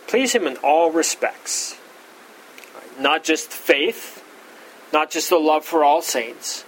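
Emphatic, high-voiced male Bible teacher. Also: expressive, takes it slowly, a little hiss or hum, low-quality recording. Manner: emphatic, stresses key words with pitch jumps and frequent restarts. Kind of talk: verse-by-verse Bible study teaching.

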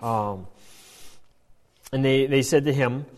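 A man giving a Bible study lecture in an animated way, often checking in with "right?". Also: medium pitch, a little slow, long pauses, in a large hall. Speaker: Bible teacher.

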